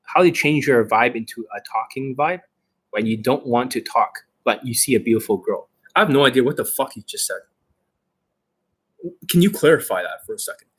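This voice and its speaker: A man's voice: mid-range voice, brisk, fairly bright tone, slightly rough. A man hosting an unscripted coaching Q&A, talking in a blunt, aggressive and profane way. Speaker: dating coach host.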